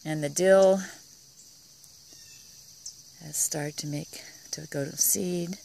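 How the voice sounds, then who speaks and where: A woman giving a casual tour of her vegetable garden, talking admiringly and softly, sometimes dropping to a whisper, recorded outdoors on a handheld camera. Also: deep voice, steady tone, slow pace, vocal fry. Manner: admiring, soft-spoken, often drops to a whisper.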